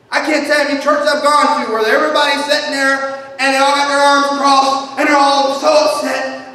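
A man preaching a sermon as pastor, animated and humorous, swinging between shouts and quiet asides. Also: very high voice, brisk. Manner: humorous storytelling. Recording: echoey hall from far off, faint noise.

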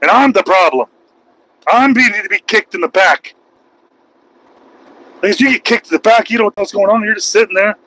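A man's voice: high-pitched, fairly quick, long pauses, sharp tone, no room sound, rough recording. A man in his forties from Los Angeles, talking straight to camera in a heated, emphatic vlog monologue and repeating his phrases for weight. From Los Angeles, USA. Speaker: truck driver and channel host.

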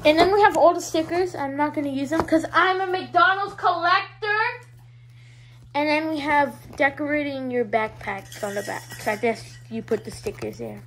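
A woman's voice: high-pitched, animated, normal speed, fairly bright tone, a little hiss or hum, low-quality recording. A female vlogger showing her toy collection in a hyper, giggly, rambling way. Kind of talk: casual show-and-tell vlog.

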